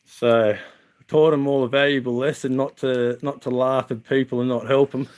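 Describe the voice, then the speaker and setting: An Australian man speaks casually to his viewers from outdoors. He tells long, rambling stories full of fillers and restarts, at an everyday middle pitch. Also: fairly even intonation, normal speed, a little mellow, clear, resonant tone. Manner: rambling, chatty, with many restarts and "uh". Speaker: vlogger.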